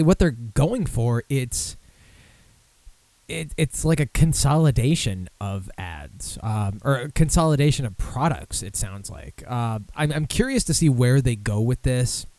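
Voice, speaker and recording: A man's voice: mid-range voice, a little mellow, no echo. A man hosting a casual podcast, rambling with many fillers and restarts and swearing freely. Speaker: podcast host. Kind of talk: casual beer podcast chat.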